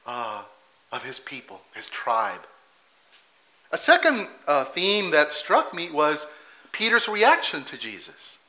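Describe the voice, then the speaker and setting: A man delivers a sermon in a church. His voice is high and very bright, and he swings widely in pitch as he asks questions and acts out the quotes. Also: rough recording. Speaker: preacher.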